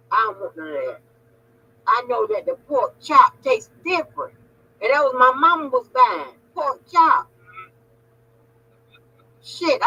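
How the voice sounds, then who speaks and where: A woman hosts a casual phone chat, storytelling with big laughs and plenty of "honey" and "baby". Her voice sits high and bright, and the audio is dull and lo-fi. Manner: animated, laughing, loud storyteller who calls people honey and baby. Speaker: channel host on a phone call.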